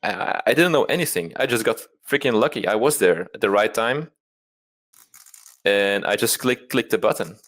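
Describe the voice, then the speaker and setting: A deep-voiced man tells his trading story in a candid interview. He is self-deprecating and rambles, often restarting his sentences. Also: expressive, moderate pace, fairly bright tone. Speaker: interview guest, trader.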